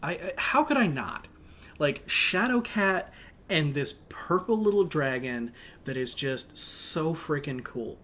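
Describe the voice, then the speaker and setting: A man's voice: a little high, animated, slow pace, a bit bright. A man co-hosting a podcast in casual chat, rambling with many fillers and restarts. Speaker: podcast co-host.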